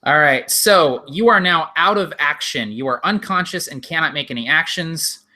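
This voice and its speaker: Bright-voiced male game master. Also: fairly high pitch, lively intonation. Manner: unhurried and descriptive, with frequent ums. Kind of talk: narrating a tabletop game.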